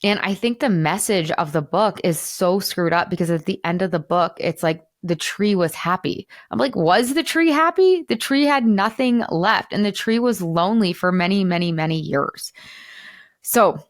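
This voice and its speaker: A woman's voice: lowish voice, normal speed, dry recording. Emphatic woman podcast host, dry close sound. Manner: animated, emphatic, tearful at moments. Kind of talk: emotional podcast monologue.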